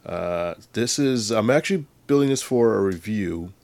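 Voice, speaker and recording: Low lively guy, easygoing chat, dry close mic. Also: normal speed, dry recording. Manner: easygoing, searches for words with fillers. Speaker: podcast co-host. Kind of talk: casual chat.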